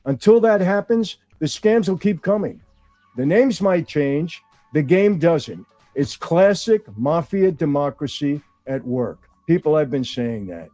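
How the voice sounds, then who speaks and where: A man's voice: a little high, animated, a little slow, dark tone, faint music behind. Insistent man firing rhetorical questions. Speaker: political commentator. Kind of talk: opinion commentary.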